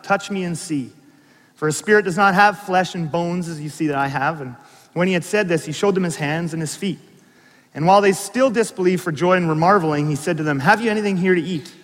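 High-voiced man preaching in a hall. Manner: animated storytelling with asides and audience questions. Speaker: pastor. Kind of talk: sermon.

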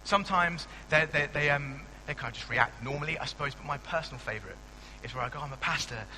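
A young man, a pastor giving a conversational sermon with animated asides and frequent restarts. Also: a little high, fast, big-room sound, a little hiss or hum, poor audio. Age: young adult.

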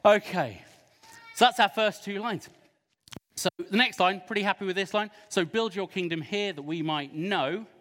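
A man's voice: high-pitched, normal speed, a bit bright. Man playing a pompous serpent poet. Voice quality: pompous, hissing shushes. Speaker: children's church entertainer. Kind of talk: comic character performance. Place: large church hall. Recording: echoey hall.

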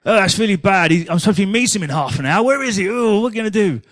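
A man's voice: high voice, lively intonation, rapid-fire, a bit bright. A man putting on a voice as a fussy male phone caller who frets with exaggerated dismay. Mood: fretting.

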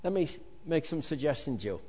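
A male pastor preaching a lively sermon to a congregation, with jokey asides, swinging from loud to hushed. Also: fairly high pitch, fast talker. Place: large hall with congregation. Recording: long reverb of a large hall.

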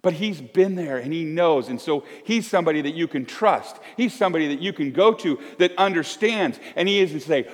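A man's voice: on the high side, expressive, moderate pace, few pauses, long reverb tail. A man in his fifties preaching as a pastor, folksy and emphatic, asking one question after another. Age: 50s. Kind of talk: sermon. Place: church.

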